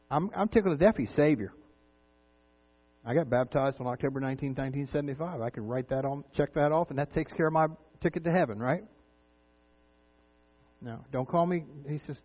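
A man's voice: on the high side, lively intonation, a little fast, pauses often. A preacher, a man in his fifties or older, giving an earnest, conversational sermon full of rhetorical questions. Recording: tinny phone-like sound with mains hum.

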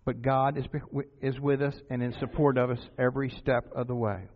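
A man's voice: mid-range voice, flat delivery, a little fast. A man preaching a sermon to his congregation as its pastor, urging them on with earnest repeated exhortations and rhetorical questions. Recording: tinny phone-like sound with faint music.

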